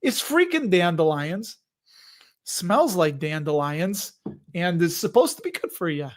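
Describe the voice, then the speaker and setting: A man's voice: high-pitched, sing-song, a little slow. A man voicing a blunt, slangy Chicago neighborhood guy with a Chicago accent, ranting in a rambling way. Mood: grumbling.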